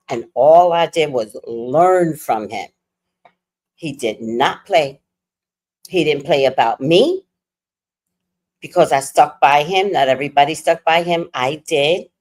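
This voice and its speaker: A woman, hosting her own stream and telling a family story in a blunt, slangy, animated way. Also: low voice. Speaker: livestream host. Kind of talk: casual storytelling chat.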